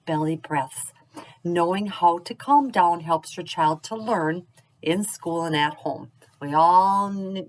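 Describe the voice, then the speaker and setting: Gentle teacher woman, low-pitched voice. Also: poor audio. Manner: gentle, encouraging, slow and clear. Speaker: early childhood teacher. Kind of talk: instructional video for parents.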